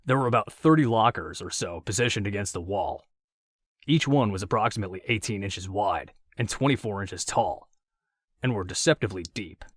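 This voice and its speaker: A male audiobook narrator with a lowish voice, reading in a steady, measured way. The sound is close and dry, with no room echo.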